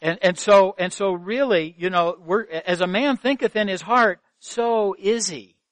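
Male pastor, high voice, dry recording, earnest sermon with rhetorical questions. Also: measured pace, a bit bright, no echo. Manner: earnest preaching, rhetorical questions, repeats phrases for emphasis. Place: church sanctuary.

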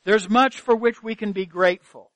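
A man's voice: high-pitched, normal speed, a bit bright, no echo. A man preaching a sermon as pastor, earnest, asking rhetorical questions and repeating phrases for emphasis. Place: church sanctuary.

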